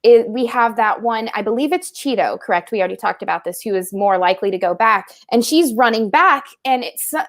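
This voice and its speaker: A woman co-hosting a film discussion podcast, animated and joking, laughing often between earnest points. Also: on the high side. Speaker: co-host.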